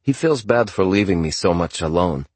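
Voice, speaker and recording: A cool, streetwise teenage boy, calm and offhand, almost bored, as a male narrator puts him on in a storybook reading. The voice is husky and the recording close and dry. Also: sits low, normal speed, no room sound.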